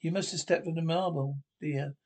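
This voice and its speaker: A man reading a gentle devoted father. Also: a little high, fairly even intonation, moderate pace. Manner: reads stage directions aloud before lines. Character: devoted middle-aged father and husband.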